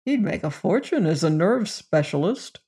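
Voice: mid-range voice, sing-song, moderate pace, mellow, slightly rough. An audiobook narrator voicing an irritable, snappish young male medical student in a storybook reading. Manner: snappish, sly.

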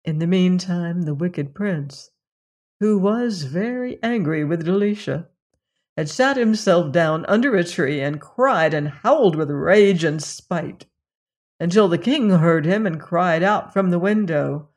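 A woman narrating a fairy tale in a measured, expressive reading. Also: on the low side. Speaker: storyteller.

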